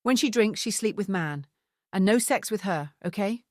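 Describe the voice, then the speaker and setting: A woman's voice: medium pitch, expressive, normal speed, a little mellow, dry recording, clean studio sound, natural voice. A woman voicing a bossy foreign woman who speaks clipped, broken English in an audiobook.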